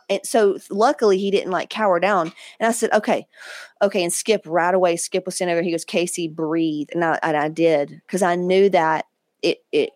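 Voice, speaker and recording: A woman podcast host, telling personal stories in a candid, profane, animated way. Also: fairly low pitch, dry recording. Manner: candid, profane, animated, quoting others in asides. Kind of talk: casual storytelling monologue.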